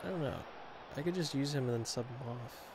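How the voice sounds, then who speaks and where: A young man giving casual, chatty commentary while playing a football video game, talking to himself with quick exclamations. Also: medium pitch, noisy background. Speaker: gaming channel host.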